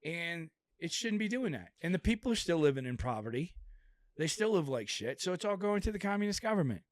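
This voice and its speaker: A man's voice: fairly high pitch, very animated, a little fast, no echo, clean studio sound. A man talking as a guest in casual podcast chat, blunt and profane as he rants.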